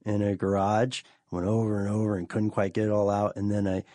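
A man with a lowish voice chats casually on a podcast, drifting into rambling, self-mocking asides. His voice sits dry and close, with no room around it. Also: flat delivery, brisk, dark tone, no room sound. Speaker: podcast co-host. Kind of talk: casual chat.

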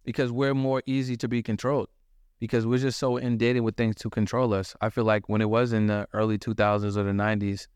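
A man speaks casually on a podcast, leaning on slang and emphatic repeats. His voice sounds smooth and resonant, close to the mic in a dry, dead room. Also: lowish voice, flat delivery, fast talker, darkish tone, no echo. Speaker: podcast guest. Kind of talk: casual conversational interview.

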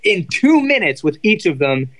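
Animated man telling stories, slightly high voice. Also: moderate pace, poor audio. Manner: animated, filler-heavy, acts out quotes. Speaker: podcast guest, former reality dating show contestant. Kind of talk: casual storytelling chat.

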